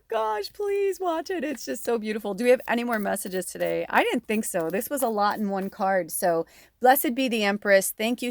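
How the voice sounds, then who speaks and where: A woman's voice: on the high side, a bit bright, no room sound. A woman giving a casual tarot reading to her viewers, talking in a chatty, rambling, gushing way with plenty of fillers. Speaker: tarot reader and medium.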